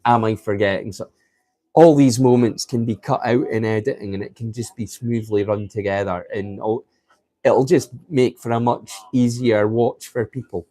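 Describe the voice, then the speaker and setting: A man's voice: mid-range voice, normal speed, dark tone, dry recording. A man hosting a live stream in casual chat, rambling and thinking aloud to his viewers.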